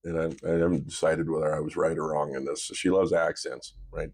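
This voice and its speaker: A man hosting a podcast in relaxed casual chat, rambling storytelling with laughs and playful put-on voices. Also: extremely low pitch, fairly quick, gravelly, breathy edge. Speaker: podcast host.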